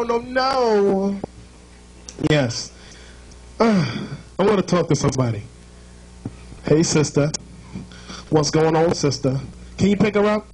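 A man's voice: a little high, a little mellow, a little hiss or hum, poor audio. A man with a Jamaican accent hosting a live show, joking and teasing his crowd in a playful, chatty way.

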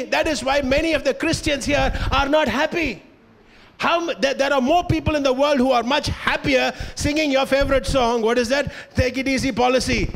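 Fervent high-pitched male pastor preaching. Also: gravelly, a bit bright. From India. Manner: passionate, emphatic, questions the congregation. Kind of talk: sermon. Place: church hall.

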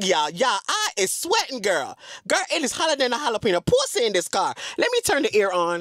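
A man's voice: very high-pitched, wildly swooping pitch, fairly quick, fairly bright tone, no room sound. A man telling a story from inside a car in a sassy, dramatic way, calling his audience girl and breaking into bits of song. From Atlanta area. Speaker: storytime vlogger. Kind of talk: casual storytime chat.

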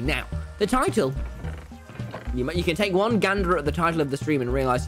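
A young man streaming a game live, talking loudly and excitably to his chat in a brash, boastful way. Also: a little high, a little fast, music in the background. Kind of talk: livestream gaming commentary.

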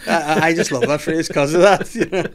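A man's voice: fairly high pitch, a little fast. A young man telling a swearing, laughing anecdote in casual podcast chat. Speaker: podcast guest.

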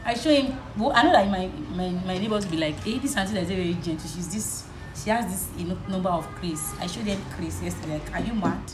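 A young Nigerian woman with a Nigerian accent, vlogging in a casual chat while she does her makeup, telling a story in an animated way. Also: fairly low pitch, fast, roomy sound, music in the background, rough recording. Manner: animated storytelling, switching between English and Yoruba.

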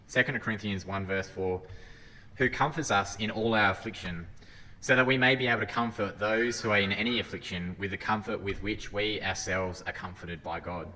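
A man's voice: lowish voice, normal speed, bright, forceful tone. A man giving an earnest sermon talk as a lay preacher, reading scripture and often restarting his phrases. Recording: hall reverb, faint ambience.

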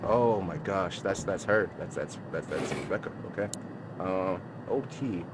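Loud game music and heavy background noise sit behind this man's low voice, which keeps a measured pace. He hosts a horror game let's-play on his channel, nervously rambling and repeating himself while calling viewers bro and y'all, clearly scared and sweating.

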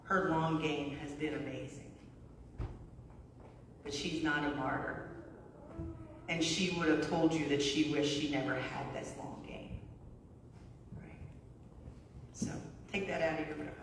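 A woman's voice: low-pitched, fairly even intonation, a little slow, pauses often, a little hiss or hum. Middle-aged woman pastor, conversational storytelling sermon, heard from a distance in a reverberant church. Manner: conversational, storytelling, frequent "right?". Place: church sanctuary. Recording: echoey hall from far off.

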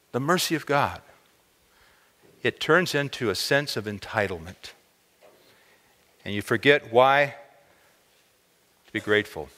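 Male chapel speaker, mid-pitched, expressive storyteller, long reverb from the hall. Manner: expressive, lifts pitch on key words. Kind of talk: storytelling sermon. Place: college chapel.

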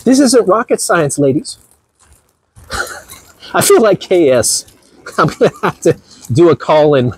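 A man's voice: a little high, slightly rough, no echo, rough recording. A man giving an emphatic, lecturing monologue to his viewers, recorded outdoors by the beach. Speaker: vlogger giving dating advice. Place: outdoors by the beach in heavy rain.

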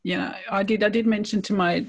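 Australian woman, host, husky breathy tone, mid pitch, wry and quick, video call. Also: steady tone. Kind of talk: casual chat.

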